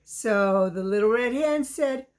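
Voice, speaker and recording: Slow sing-song woman telling a children's story. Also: on the high side, darkish tone. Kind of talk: reading a children's story aloud.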